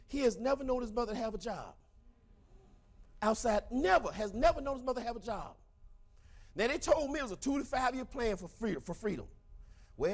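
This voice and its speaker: A middle-aged man giving a fiery, preacher-like motivational speech to a crowd, breaking into shouts. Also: very high-pitched. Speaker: motivational speaker.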